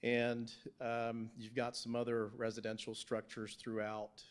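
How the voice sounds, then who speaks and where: A man on the town staff presenting slides at a council work session, halting, with many fillers and restarts. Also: mid-range voice, monotone, smooth. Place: council meeting room.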